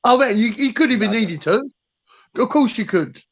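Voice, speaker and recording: A man's voice: extremely high pitch, expressive, normal speed, highs cut off. A British man in his thirties chatting bluntly and casually, swearing. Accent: British English. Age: 30s.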